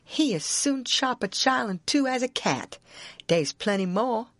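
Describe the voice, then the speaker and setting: Stubborn grown runaway man, read by a woman, Southern accent, indignant, heavy rural dialect, lively pitch. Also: a little slow, dry recording. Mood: puzzled, stubborn. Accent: Southern American.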